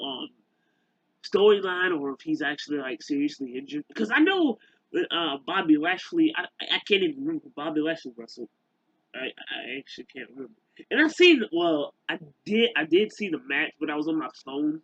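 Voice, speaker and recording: A man with a slightly raised, husky voice rants casually to camera, trailing off and starting over again and again. His pitch leaps around as he talks. The recording is dry and a bit dull, like a cheap home mic. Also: very animated, fairly bright tone, dry recording. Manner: rambling, halting, many fillers and restarts. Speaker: YouTuber.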